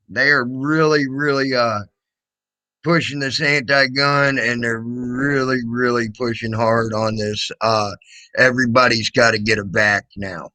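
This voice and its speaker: Slow-talking man hosting a livestream. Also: medium pitch, bright, forceful tone, poor audio. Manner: loose and rambling, greets chatters, many fillers and restarts; mocking singsong when teasing. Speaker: livestream host. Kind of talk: casual livestream commentary.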